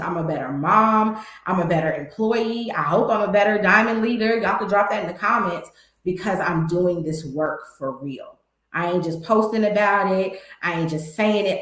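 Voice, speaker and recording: A woman gives a motivational talk, candid and emphatic, speaking straight to her viewers. Her voice sits a little low. The sound is echoey, as if in a bare room. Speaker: host.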